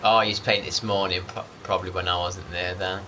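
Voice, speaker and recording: Rambling man with a forceful voice. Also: low-pitched, little pitch movement, brisk, a little hiss or hum. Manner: rambling, chatty, greets viewers by name. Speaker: gaming channel host. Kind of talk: casual gameplay commentary.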